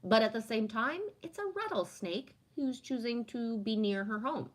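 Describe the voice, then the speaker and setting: Speaking at normal speed with lively intonation, this woman has a voice on the high side. She casually answers her livestream chat, reading each comment out and replying warmly and affirmingly, drifting into spiritual ideas while often asking "right?"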